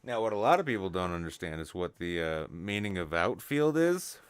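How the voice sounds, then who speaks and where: A man co-hosting a podcast, rambling through crude jokes with deadpan, self-mocking asides. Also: sits low, moderate pace, clear, resonant tone, no echo. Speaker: podcast co-host. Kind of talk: crude comedic banter. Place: studio, live stream.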